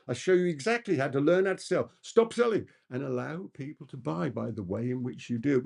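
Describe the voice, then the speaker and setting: A man's voice: fairly high pitch, vocal fry, darkish tone, husky. A man who is a business coach, answering audience questions in an emphatic masterclass talk and repeating key points for effect.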